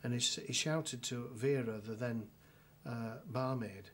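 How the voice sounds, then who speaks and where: A middle-aged man with a northern English accent recounts an old case in a documentary interview. His voice sits at an ordinary middle pitch and his delivery is dry and wry, full of small restarts and fillers. A faint hiss of background noise runs under the recording. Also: a little slow, a bit bright. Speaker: solicitor telling an anecdote.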